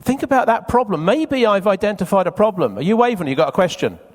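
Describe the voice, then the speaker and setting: Lively man talking in a hall. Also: high voice, quick pace. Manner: chatty, teasing, quizzes the crowd. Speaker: event speaker. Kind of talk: live seminar talk to an audience. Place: conference hall with a live audience. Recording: long reverb of a large hall.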